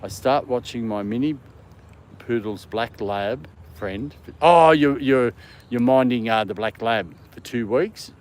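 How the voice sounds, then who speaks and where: A man's voice: mid-range voice, measured pace, a little mellow. An Australian man hosting a casual livestream from a dog park, answering viewer comments and talking to his dog. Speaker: livestream host.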